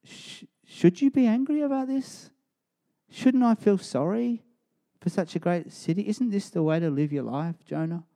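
A man voicing God as patient and gently questioning in a sermon retelling. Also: sits high, moderate pace, vocal fry, in a large hall, pitched above the performer's own voice.

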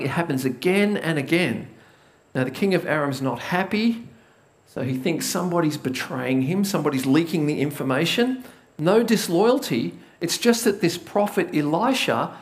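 A man preaching a conversational sermon, retelling a Bible story with lively storytelling and asking the congregation direct questions. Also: fairly high pitch. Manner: lively storytelling, acts out the biblical characters' panic. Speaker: pastor.

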